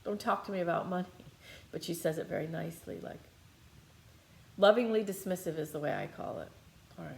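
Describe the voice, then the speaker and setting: A meditation teacher leads a loose, conversational guided healing meditation with channeling, rambling through many fillers and restarts. Her voice is lowish and creaky, fairly quick, and she pauses often, with a roomy sound to the recording.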